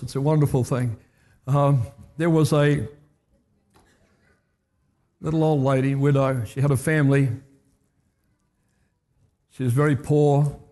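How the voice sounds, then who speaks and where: Animated male pastor preaching. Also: medium pitch. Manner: animated, emphatic, repeats phrases. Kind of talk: sermon storytelling. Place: church hall.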